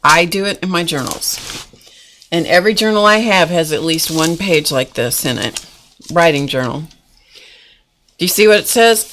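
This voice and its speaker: Speaking at normal speed in a low, slightly bright voice, a woman runs a casual art class live from a desk at home. She demonstrates while chatting with viewers in a folksy way, picked up by a desk camera mic.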